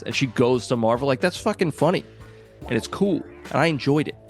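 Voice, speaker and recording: Podcast co-host, male, animated casual chatter with faint music under it. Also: mid-range voice, brisk. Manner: animated, swears, acts out quotes. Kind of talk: casual movie chat.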